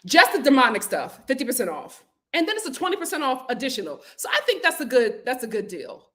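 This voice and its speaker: Young woman, live-stream host, casual chat, fairly high voice, very animated pitch, laughs often. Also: quick pace. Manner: chatty and animated, laughs often, stammers and restarts. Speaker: host reading viewer comments.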